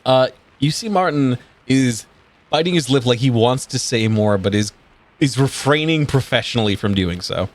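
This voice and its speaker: A man's voice: medium pitch, animated, moderate pace. A man game master narrating a tabletop role-playing game in a casual way, with frequent fillers.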